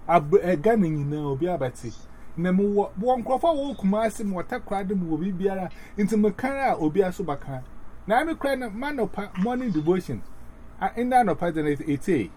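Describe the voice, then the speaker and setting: Rambling man, lively voice. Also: high-pitched, a little hiss or hum. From Ghana. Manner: rambling, halting, many fillers and restarts. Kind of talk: casual chat.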